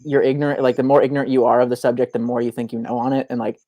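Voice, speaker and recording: A young man chatting casually on a livestream, wandering through his points with constant fillers and restarts. His voice is mellow and dark. The sound is dry and close. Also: medium pitch, level tone, racing, no echo. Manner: rambling, many "like" fillers and restarts. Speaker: podcast co-host.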